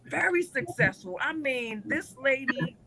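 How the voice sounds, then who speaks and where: A woman performer on a panel, telling animated anecdotes in casual chat. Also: high-pitched, a little slow, slight background noise, rough recording.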